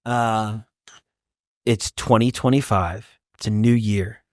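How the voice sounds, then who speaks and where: A man, a pastor who hosts a podcast, interviewing a guest and telling stories with lively acted-out shouting. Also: fairly low pitch, slow pace, no echo, studio quality. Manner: animated storyteller, acts out shouting.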